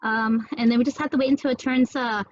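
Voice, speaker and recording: A woman's voice: a little high, steady tone, fast talker, dry recording, highs cut off. A young woman teacher cooking at home while teaching small children, talking in a playful sing-song way and making animal sounds.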